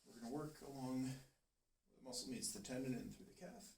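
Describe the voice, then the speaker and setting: A man working as a chiropractor, calmly talking a patient through muscle tests and encouraging her step by step. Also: mid-range voice, a little fast, gravelly. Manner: calm, steady, encouraging coaching. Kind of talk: giving instructions during a treatment session. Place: treatment room. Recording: roomy, distant, faint hiss.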